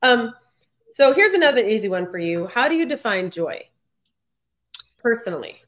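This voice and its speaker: A woman's voice: fairly high pitch, sing-song, normal speed, fairly bright tone. Friendly woman podcast host. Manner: friendly, encouraging, laughs along. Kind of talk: interview questions.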